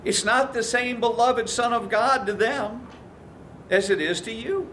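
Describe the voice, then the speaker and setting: A man with a very high, fairly bright voice preaches unhurriedly as a pastor. He tells stories and voices the people he quotes, and there's a little hiss or hum.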